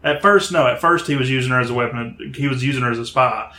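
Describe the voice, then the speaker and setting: A man's voice: medium pitch, fast talker, roomy sound, a loud crowd. A man chatting casually as a podcast co-host, explaining and correcting plot details. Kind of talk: casual chat about a TV show.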